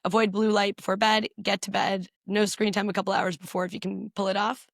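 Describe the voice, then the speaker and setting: A woman physician answering interview questions and explaining health tips briskly, repeating points for emphasis. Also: medium pitch, little pitch movement, creaky, dry recording, clean studio sound. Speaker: physician guest.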